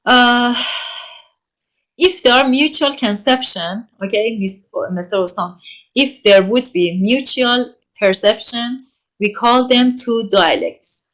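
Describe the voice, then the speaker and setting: A woman lecturer giving an online class, answering written questions from students and speaking haltingly with frequent pauses and self-corrections. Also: on the high side, a bit bright. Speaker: university lecturer.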